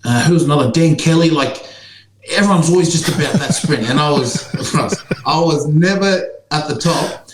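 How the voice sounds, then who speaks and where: A man's voice: on the high side, normal speed, crowd noise. A man in his thirties, a former pro player, telling stories in a casual chat with lots of fillers and laughter. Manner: laid-back, laughs through stories, many fillers. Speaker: podcast co-host, former pro rugby player. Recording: echoey room with faint background noise.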